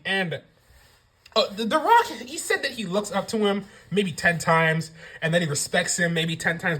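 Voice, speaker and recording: A woman's voice: a little high, reverberant, low-quality recording. A woman giving a casual wrestling show review, ranting with lots of swearing. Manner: profane, animated ranting.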